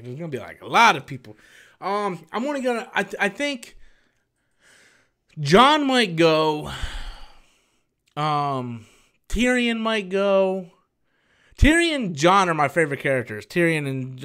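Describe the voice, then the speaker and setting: A man with a fairly high voice answers viewer questions on a casual live stream. He rambles, gets animated and swears freely as he talks. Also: moderate pace.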